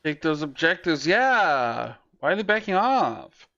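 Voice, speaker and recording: A man's voice: on the high side, very animated, measured pace, bright, forceful tone, dull audio. A man co-streaming a match broadcast, chatting casually with jokes and swearing. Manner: chatty, profane, joking. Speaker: watch party streamer.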